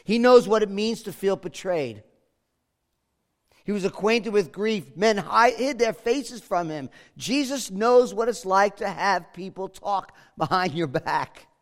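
A man preaching a sermon as pastor, moving between hushed, quiet lines and loud, emphatic ones. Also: high-pitched.

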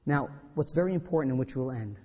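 A man preaching a sermon, animated, often repeating words and acting out quotes. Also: mid-range voice, fast talker, husky. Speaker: pastor. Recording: long reverb in a church hall.

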